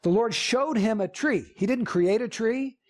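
A man's voice: high-pitched, measured pace. A man preaching a sermon as pastor, earnest and emphatic, with repeated phrases.

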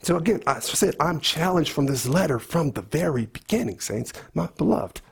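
Husky-voiced man preaching a sermon. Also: a little high, expressive, normal speed. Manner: earnest, preaching to the congregation with questions.

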